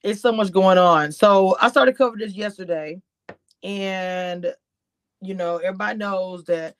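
A woman giving chatty, animated reality-TV commentary on a livestream, talking straight to her chat. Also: mid-range voice, moderate pace, no echo. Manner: grows exasperated and incredulous. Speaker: YouTube commentator.

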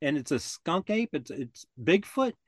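An older man spins a long yarn in relaxed, easy talk. He circles back on himself, restarts his sentences and acts out the voices of the people in his story. The sound is dry and close. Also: a little high, measured pace, no echo. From Florida. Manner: rambling, restarts often, acts out quoted voices. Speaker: podcast guest. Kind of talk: casual storytelling.

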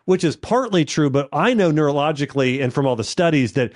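A man hosting a podcast interview, affirming his guest and thinking out loud as he talks. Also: a little high, lively intonation, brisk, no echo, studio quality. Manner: affirming, thinks aloud with restarts. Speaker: podcast host. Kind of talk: interview conversation.

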